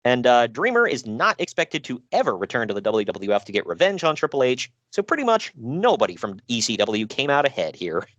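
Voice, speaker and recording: A man in casual podcast talk, sighing and laughing as he goes. His pitch swings widely around a middle register. The sound is dry and close. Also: a little fast, few pauses, no room sound, muffled recording. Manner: animated, laughing, sighing, fillers. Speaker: podcast co-host. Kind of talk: casual chat.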